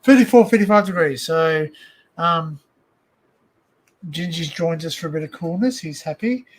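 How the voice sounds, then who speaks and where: A man's voice: fairly high pitch, expressive, normal speed. A man with an Australian accent hosting a casual home livestream, rambling with lots of fillers and restarts. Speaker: livestream host. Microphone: desk microphone.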